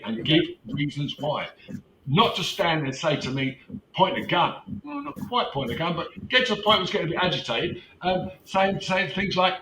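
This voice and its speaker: Animated man telling a story, roomy and distant. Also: on the high side, moderate pace. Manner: animated, acts out quoted dialogue, rhetorical questions. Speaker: activist recounting a street confrontation. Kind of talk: casual storytelling on a video call. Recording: roomy distant mic with faint noise.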